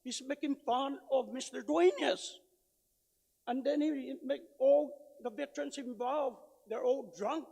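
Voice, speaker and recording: A man giving loud, emphatic public testimony at a legislative hearing. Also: very high-pitched, unhurried, gravelly. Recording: reverberant hearing room.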